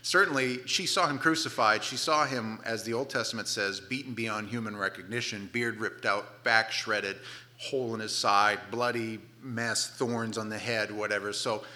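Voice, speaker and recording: A middle-aged man preaching a sermon, telling the story with playful asides and dropping to soft, hushed tones for tender moments. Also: lowish voice, normal speed. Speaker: pastor.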